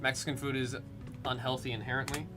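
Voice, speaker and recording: A man's voice: mid-range voice, little pitch movement, fast talker. Chatty man hosting a live card break. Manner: chatty, rambling, reads out pulled card names between jokes. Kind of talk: casual live-stream commentary. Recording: music playing under the voice. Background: background music.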